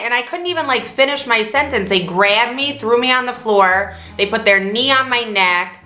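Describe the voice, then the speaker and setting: A young woman tells a story casually to her co-host, acting out the other people's voices with big jumps in pitch and laughing now and then. Her voice is bright and clear. It sounds like an echoey room with faint music behind her. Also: fairly quick, hardly any pauses. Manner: laughs often mid-story. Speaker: vlog co-host.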